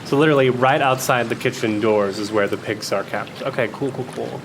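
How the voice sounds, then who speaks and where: A man's voice: medium pitch, fairly even intonation, a little fast, background noise. A man narrating a solo tabletop game as game master, rambling with many restarts.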